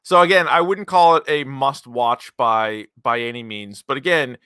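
Bright-voiced man hosting a chatty review. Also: mid-range voice, moderate pace, clean tone, no room sound, clean studio sound. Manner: rambling, filler-heavy, emphatic. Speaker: podcast host reviewing movies. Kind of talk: casual chat.

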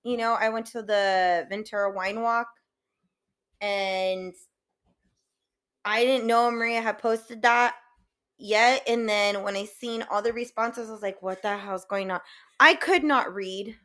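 A woman co-hosting a relaxed podcast chat. Her voice sits a touch high and she tells stories animatedly, slipping into the voices of the people she quotes. She keeps the tone loose and conversational. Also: measured pace. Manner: animated storyteller who acts out quoted voices. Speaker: co-host, biological mom.

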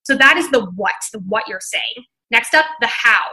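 A woman speaker with a high, very bright and sharp voice, giving a motivational seminar talk. She acts out quoted voices and plays with her speed and loudness to hold the room. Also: animated, moderate pace, rough recording. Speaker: life coach.

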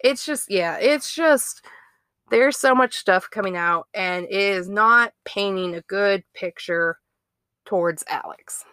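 Woman, true-crime podcast host, casual chat, dry close sound, even middle pitch. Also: slow, smooth, no room sound. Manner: chatty and conversational, reacting with disbelief.

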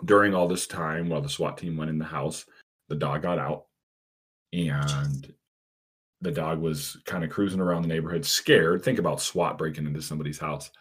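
A man with a low, husky voice hosts a casual podcast. He tells stories in a relaxed, chatty way. His speech is full of fillers and restarts. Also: normal speed. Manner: relaxed, storytelling, frequent fillers. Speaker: podcast host and animal protection officer.

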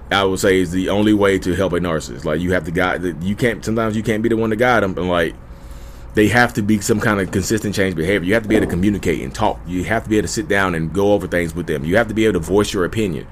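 A man talks straight to his audience in a casual, heartfelt way, repeating his points and calling everyone y'all. His voice sits on the lower side. A faint hum of room ambience runs underneath. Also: quick pace. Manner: earnest, repetitive, addresses listeners as y'all. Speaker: YouTube host. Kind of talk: casual direct-to-camera advice talk.

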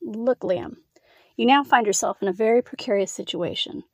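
A woman's voice: on the high side, normal speed, no echo, natural voice. A cold, commanding female boss, as a woman reads her with clipped, taunting lines. The sound is dry and close.

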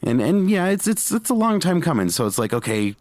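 A young man co-hosting a podcast in casual chat, excitable and quick to laugh, with lots of fillers. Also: a little high, no room sound, clean studio sound. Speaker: podcast co-host.

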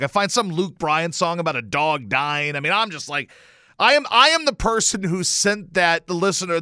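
A male radio host telling a casual story with lots of swearing and sudden loud exclamations. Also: on the high side, smooth, no echo, clean studio sound. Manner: animated, profane, bursts into loud exclamations. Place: radio station studio.

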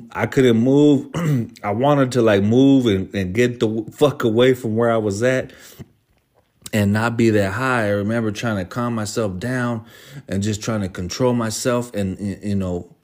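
A man's voice: fairly low pitch, a little mellow. A man telling a story from his own life in a rambling, slangy way, swearing constantly. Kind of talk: casual storytelling monologue.

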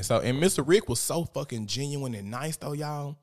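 A man's voice: medium pitch, animated, normal speed, a little mellow. A man giving casual, profane, gossipy commentary as host, often laughing.

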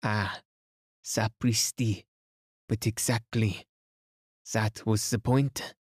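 Male narrator doing a precise, self-satisfied older sleuth, slightly low, French asides. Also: fairly even intonation, slow, husky, no echo, clean studio sound. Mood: explaining. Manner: mildly reproving, polite, sprinkles French words. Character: fussy, self-assured older male detective.

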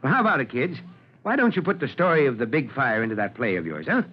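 An actor playing a kindly, gruff old fire chief in a 1940s radio drama, fatherly and teasing, on a dull lo-fi old radio recording. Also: mid-range voice, very animated, fast talker. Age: older.

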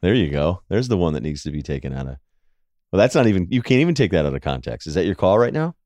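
A man guest on a sports podcast, telling animated stories and acting out quotes. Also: deep voice, fast, dry recording. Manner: animated storyteller, acts out quotes. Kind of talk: casual sports chat.

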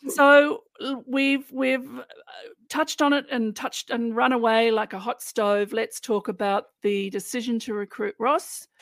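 A woman's voice: on the high side, steady tone, unhurried, a bit bright, no room sound. A woman co-hosting a podcast, chatting and recapping scenes with amusement. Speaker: podcast co-host. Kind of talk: casual podcast chat.

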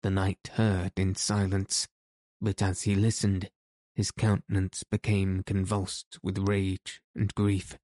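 Here a low-voiced man reads an audiobook, telling the story in a steady, measured way. The studio-quality recording has no room sound.

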